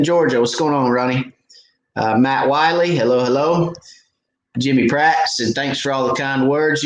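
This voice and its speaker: A middle-aged man hosting a fishing live stream Q&A, chatting casually with lots of "uh" fillers. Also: on the low side. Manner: laid-back, chatty, frequent "uh" fillers. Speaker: fishing channel host. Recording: echoey room, faint background noise.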